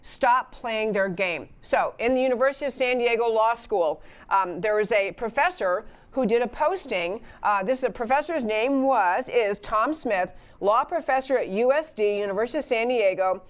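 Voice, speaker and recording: A woman's voice: fairly high pitch, expressive, moderate pace, hardly any pauses. Emphatic woman talk show host. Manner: indignant, emphatic, many restarts. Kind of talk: political commentary monologue.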